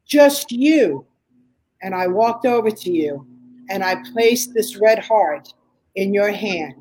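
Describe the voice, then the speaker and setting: Animated older woman telling her story. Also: rough recording. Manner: animated storyteller, acting out quotes with big pitch jumps. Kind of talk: emotional personal testimony.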